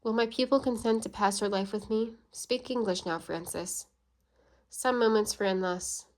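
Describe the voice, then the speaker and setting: A woman reading a classic novel aloud in an even, measured way, giving the quoted lines only a light touch of voice. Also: medium pitch. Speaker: audiobook reader.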